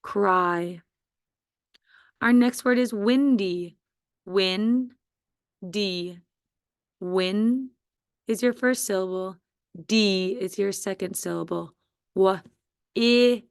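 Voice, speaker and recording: A woman teacher giving a slow, patient spelling dictation to first graders. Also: medium pitch, gravelly, darkish tone, clear, resonant tone, no room sound, studio quality. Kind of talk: spelling quiz dictation for young students.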